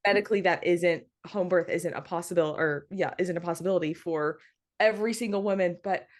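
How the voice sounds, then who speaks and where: A woman's voice: fairly low pitch, brisk. Chatty young woman telling a story, laughing. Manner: animated storytelling, laughs often, many fillers. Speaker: podcast guest. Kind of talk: casual birth story interview.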